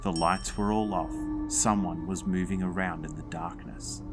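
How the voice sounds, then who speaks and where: A man's voice: deep voice, steady tone, moderate pace, over loud music. A man narrating a spooky children's story with dramatic suspense.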